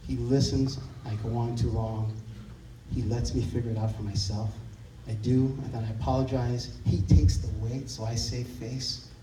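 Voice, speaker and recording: A man's voice: mid-range voice, little pitch movement, moderate pace, warm tone, slight background noise. A man telling a wry, self-mocking comic story on stage at a live show. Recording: distant roomy live stage recording.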